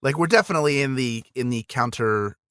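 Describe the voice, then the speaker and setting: A man's voice: mid-range voice, fairly quick, a bit bright, clean tone, no room sound. A man speaking as a guest on a podcast, chatting casually and making wry, dry asides. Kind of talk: casual chat.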